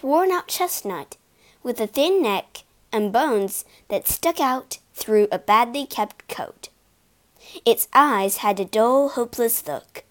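A woman reading a storybook aloud in a slow, clear way, giving the characters voices. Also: on the high side. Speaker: storybook reader. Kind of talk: storybook narration for learners.

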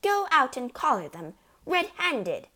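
A woman doing a shrill, panicky mother. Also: wildly swooping pitch, normal speed, heavily acted. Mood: panicked. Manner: shrieking and hissing in alarm. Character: panicky, bossy middle-aged mother.

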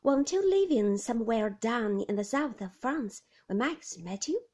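A woman reading the lines of a teasing, flirtatious man in a story, speaking loudly. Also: fairly high pitch, animated, moderate pace. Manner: teasing and loud. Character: cheeky, flirtatious man in sports car.

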